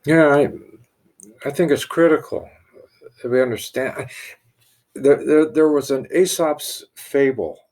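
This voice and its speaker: A middle-aged priest tells a parable and draws a sermon-like lesson from it, with many restarts and repeated words. His voice is a little high and darkish in tone, and he speaks unhurriedly with long pauses.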